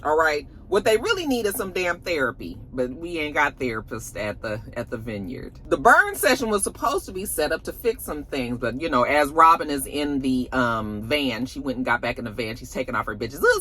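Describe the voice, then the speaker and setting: Woman, reality TV recap, sassy and blunt, swearing freely, bright voice, swooping pitch. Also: big pitch swings, normal speed, hardly any pauses, slight background noise. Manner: blunt, sassy and profane, acting out cast members' lines. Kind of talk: casual TV recap commentary.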